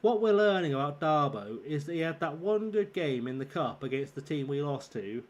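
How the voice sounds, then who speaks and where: A streamer with a slightly high, tired voice, scratchy from a forming sore throat, rambles through live gameplay commentary at normal speed, very animated, chatty, swearing freely and teasing his viewers. He has a northern English accent, though he is described as being from southern England. The sound is lo-fi.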